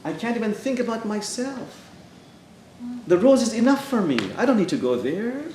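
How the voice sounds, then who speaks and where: A man's voice: high voice, very animated, moderate pace, dark tone, a little hiss or hum, voice pushed up. A man voicing a lovestruck male nightingale in a sermon story, talking in a swooning, wistful way. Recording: echoey church room.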